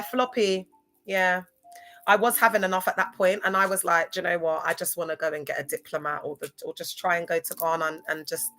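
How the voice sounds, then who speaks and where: A woman's voice: mid-range voice, pushed and bright. A young woman chatting casually to viewers on a livestream, laughing often. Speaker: livestream host.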